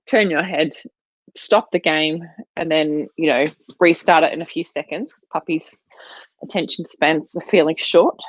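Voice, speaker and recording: Speaking low and unhurried, this woman is a dog trainer answering questions in a chatty live session from her home, full of fillers and practical tips. Her livestream mic gives a dull, lo-fi, dry sound with no echo.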